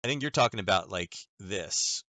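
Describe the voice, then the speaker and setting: Low-voiced man talking through trading charts. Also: expressive, moderate pace, sharp tone, no room sound. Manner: loose and chatty, full of "um" and "like", talking to viewers. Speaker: trading educator hosting a nightly chart stream. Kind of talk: casual live chart commentary.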